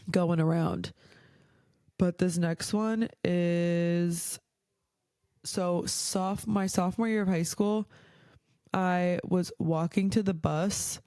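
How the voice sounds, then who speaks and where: Chatting through casual stories, the young adult podcast host swears freely and says "like" constantly. She has a lowish, mellow voice, recorded dry with studio quality.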